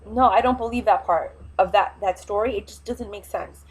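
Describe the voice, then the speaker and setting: A woman's voice: medium pitch, normal speed, slightly rough, poor audio. A woman vlogger, talking in an impassioned, rambling casual monologue with emphatic, fiery opinions.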